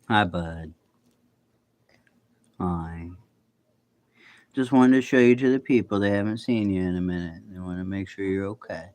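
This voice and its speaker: A man's voice: deep voice, unhurried, long pauses, a little mellow. A man hosting a casual livestream from his backyard at night on a phone, rambling and talking to his pets. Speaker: livestream host.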